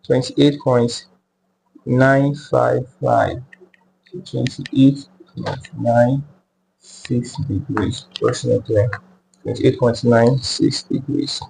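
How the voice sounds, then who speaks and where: Slow gravelly-voiced man teaching math. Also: medium pitch, fairly even intonation, background noise. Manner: slow and deliberate, repeats numbers aloud. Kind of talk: step-by-step math tutorial.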